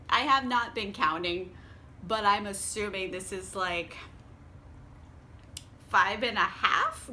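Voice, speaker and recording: Tipsy, bright-voiced young woman. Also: on the high side, a little hiss or hum. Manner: profane, rambling, laughs often. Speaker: book vlogger. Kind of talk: tipsy casual book recap.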